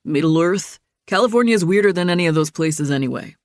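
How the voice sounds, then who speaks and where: A woman's voice: fairly low pitch, animated, fairly quick, dry recording, clean studio sound. A woman narrator voicing a big, easygoing young man who jokes and reassures. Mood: excited. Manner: joking, reassuring.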